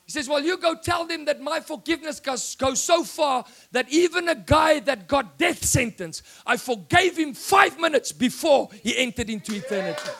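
A man with a South African accent preaching an excitable sermon, often breaking into shouts. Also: very high-pitched, moderate pace, few pauses.

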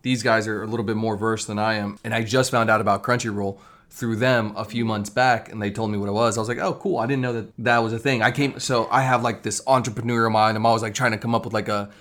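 A man's voice: fairly low pitch, flat delivery, fast talker, fairly bright tone. A man hosting a casual podcast, rambling and self-deprecating as he chats with his guest. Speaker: podcast host. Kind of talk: casual chat.

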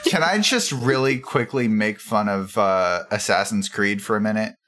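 A man chatting casually with friends about a video game, animated and full of fillers. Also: on the low side, moderate pace, slight background noise. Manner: animated, laughing, filler-heavy. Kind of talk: casual chat among friends.

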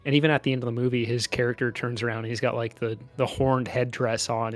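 A man talks loosely through a casual podcast chat, with lots of "like" and "uh" as he goes. His pitch sits in a middling range. Soft music plays faintly underneath. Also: flat delivery, fast. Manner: chatty, loose, full of "like" and "uh" fillers. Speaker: podcast co-host. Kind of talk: casual chat about a movie.

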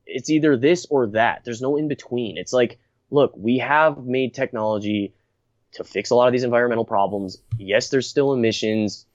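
Speaking at a moderate pace in a mid-range voice, a young man runs a laid-back podcast conversation. He talks bluntly and at length, laughs a lot, and keeps starting his sentences over, all in dull, dry lo-fi audio without room sound.

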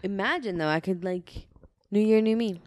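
A woman's voice: mid-range voice, moderate pace, a little mellow, no echo, studio quality. A young woman co-hosting a podcast in casual chat, laid-back and swearing freely. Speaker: podcast co-host.

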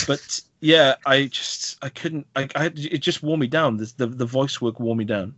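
A man co-hosting a podcast, chatting casually about games in a rambling, animated way full of fillers and restarts. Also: mid-range voice, moderate pace, hardly any pauses, dry recording, muffled recording. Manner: rambling, many fillers and self-corrections, animated. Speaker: podcast co-host.

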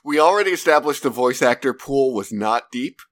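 Male co-host, mid-pitched, relaxed wry replies, very dry close sound. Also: moderate pace, no room sound. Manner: laid-back listener, short replies and wry asides. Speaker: podcast co-host. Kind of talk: casual podcast chat.

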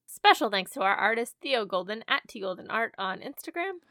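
A woman's voice: a little high, sing-song, brisk, bright, forceful tone, dry recording, studio quality. A woman co-hosting a podcast in casual chat, talking in a chatty way with wry asides. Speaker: podcast co-host.

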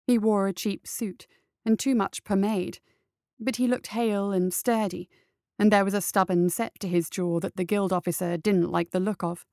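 A woman narrating a story in a steady, measured reading voice. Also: medium pitch, no room sound, studio quality.

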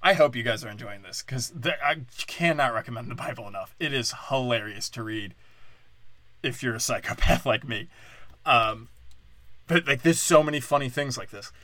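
A podcast host delivers an irreverent, rambling comedy monologue, packed with "like" and frequent laughs. His voice is medium in pitch with a sharp tone, his speed normal, and the recording dry.

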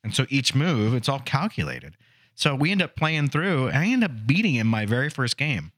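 Lively middle-aged man telling a story. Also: medium pitch, normal speed, no room sound, studio quality. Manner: joking, storytelling. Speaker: podcast co-host. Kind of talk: casual chat.

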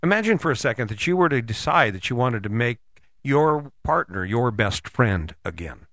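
A man's voice: medium pitch, moderate pace, no echo, clean studio sound. A man giving a direct, coaching motivational monologue, talking straight to the listener and acting out imagined conversations. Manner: animated, acts out imagined dialogue.

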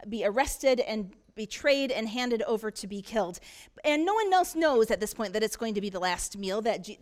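High-voiced woman pastor preaching. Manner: storytelling, earnest, frequent restarts. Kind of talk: sermon. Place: church.

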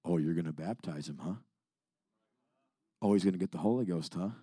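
Man doing a mocking devil, deep drop in pitch, hushed, sly taunts. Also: fairly quick, slightly rough, no echo, clean studio sound. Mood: taunting.

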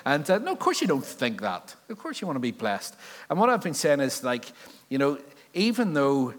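A man's voice: medium pitch, wildly swooping pitch, moderate pace. A pastor from Belfast preaches with a Northern Irish accent. He talks in a loose, conversational way, breaking into jokes and wandering asides before returning to his point. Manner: chatty, joking asides, rambling digressions. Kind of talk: sermon.

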